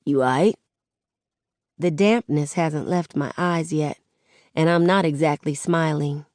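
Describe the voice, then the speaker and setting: A woman reads a first-person novel aloud in a low voice, conversational and easy. The recording is close and dry, with no room sound. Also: steady tone, a little slow, a little mellow, dry recording. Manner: conversational teen-voiced storytelling. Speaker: audiobook narrator. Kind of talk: first-person audiobook narration.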